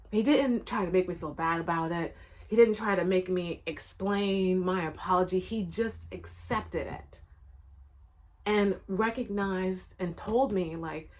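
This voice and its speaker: A woman's voice: medium pitch, moderate pace. A woman running her own channel, telling a personal story in a casual, rambling and emphatic way, often repeating her phrases. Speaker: channel creator.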